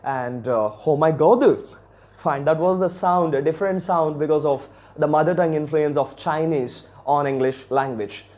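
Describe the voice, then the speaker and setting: A man's voice: fairly high pitch, moderate pace, hardly any pauses, a little mellow. A man with an Indian accent giving a chatty video lesson on English accents, talking straight to viewers with many fillers.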